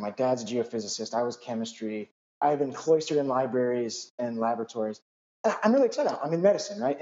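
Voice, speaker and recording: A male physician telling a personal anecdote in an animated, self-deprecating way, full of asides. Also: mid-range voice, dull audio.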